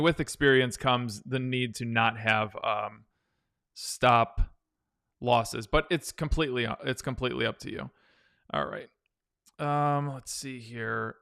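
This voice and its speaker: A man hosts a casual stock-trading livestream, analyzing charts and loosely fielding viewer questions while often restarting his sentences. He has a medium pitch with vocal fry, and his tone is sharp but smooth.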